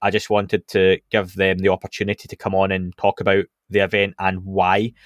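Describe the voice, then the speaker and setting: A podcast host with a low voice talks a little fast, chatting casually through show updates with plenty of ums and restarts. His manner is relaxed and chatty, and the studio-quality recording has no echo.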